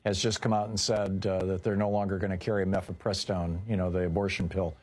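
A man's voice: low-pitched, little pitch movement, quick pace, a little mellow, breathy edge. A man hosting a call-in radio talk show, chatting with callers and moving the show along. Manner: conversational, fillers, moves calls along.

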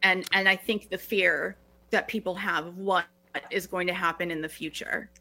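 Guest, female, middle-aged, bright forceful voice, earnest, many restarts. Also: fairly low pitch, steady tone, moderate pace. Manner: earnest, restarting phrases often. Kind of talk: reflective podcast conversation.

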